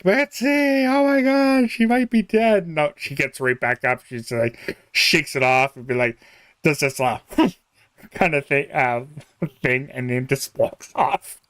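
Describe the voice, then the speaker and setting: A man's voice: mid-range voice, fairly bright tone, dry recording, clean studio sound. A young man chatting casually on a game live stream, rambling, chuckling often and trailing off mid-thought. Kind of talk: casual live-stream chat while playing.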